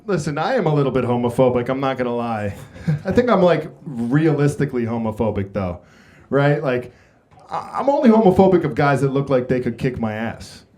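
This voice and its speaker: A man doing a blunt, confessional stand-up comedy set on a club stage. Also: mid-range voice. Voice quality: blunt, confessional, jokey delivery.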